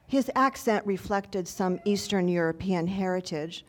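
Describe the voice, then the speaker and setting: A woman's voice: mid-range voice, a little slow, few pauses. A woman telling a personal story to an audience in an earnest, reflective, conversational way.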